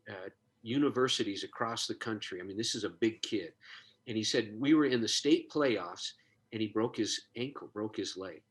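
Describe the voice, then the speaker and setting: A man's voice: medium pitch, a bit bright. A man telling a heartfelt story in conversation, earnest and moved, acting out the dialogue he recounts. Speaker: guest, suicide prevention expert.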